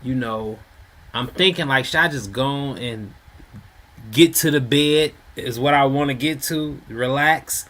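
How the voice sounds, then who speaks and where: Bright-voiced man rambling through a story. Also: medium pitch, unhurried. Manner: rambling, conversational, frequent fillers and slang. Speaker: storyteller host. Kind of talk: casual street storytelling. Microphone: home mic.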